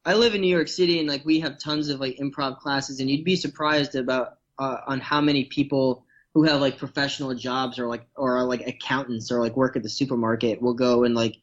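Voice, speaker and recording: A man chatting casually as a podcast guest, rambling and filling pauses with "like" as he goes. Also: mid-range voice, fairly even intonation, muffled recording. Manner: rambling, lots of fillers. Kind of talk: casual chat.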